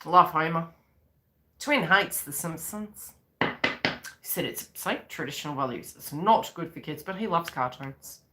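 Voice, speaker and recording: A woman's voice: on the low side, sing-song, a little slow, bright, forceful tone. A woman psychic reader on a live stream, chatting in a rambling way and acting out the voices she quotes.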